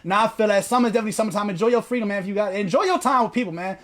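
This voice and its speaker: A man's voice: high voice, expressive, racing, a bit bright. A man hosting a livestream in casual chat, slangy and profane, reading viewer comments aloud. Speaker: livestream host.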